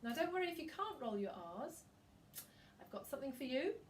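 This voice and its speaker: A woman singing teacher gently guiding a breathing and vocal warm-up, giving calm, encouraging instructions. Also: sits high, a little fast, recorded from a distance, a little hiss or hum.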